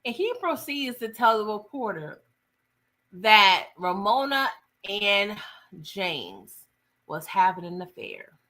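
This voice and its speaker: Chatty bright-voiced woman recapping TV. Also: mid-range voice, slow pace. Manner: chatty, slangy, animated retelling. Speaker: TV recap host. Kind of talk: casual recap monologue.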